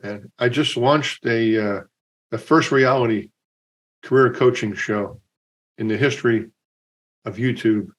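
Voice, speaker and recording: A man's voice: medium pitch, rough recording. A man appearing as a guest on a podcast, a career coach who talks with conversational enthusiasm. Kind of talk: casual podcast interview.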